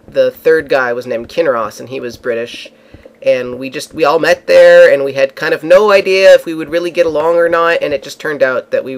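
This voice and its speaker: A man casually recounting a trip with friends, rambling with frequent fillers and restarts. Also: mid-range voice. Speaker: vlogger. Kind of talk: casual storytelling.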